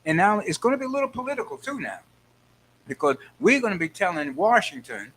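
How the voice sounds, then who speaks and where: An older man with a New York accent, hosting a call-in show in a loose, chatty monologue. His voice sits a touch high for a man, and he tells stories playfully, slipping into mock quotes. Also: a little fast, a little hiss or hum. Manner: animated, playful storytelling with laughs and mock quotes. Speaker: host. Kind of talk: casual radio-style monologue.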